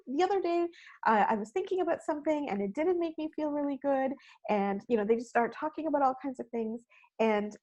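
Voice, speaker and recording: Expressive woman telling a story. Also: a little high, low-quality recording. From Canada. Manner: animated, acts out quoted lines, drops to soft tones in sad moments. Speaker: webinar speaker. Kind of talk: storytelling keynote talk. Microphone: webinar video call mic.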